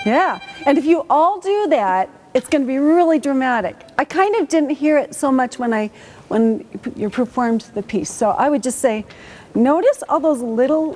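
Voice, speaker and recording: A woman coaching a student orchestra in a school auditorium, lively and encouraging, asking the players lots of questions. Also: sits high. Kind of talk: rehearsal coaching.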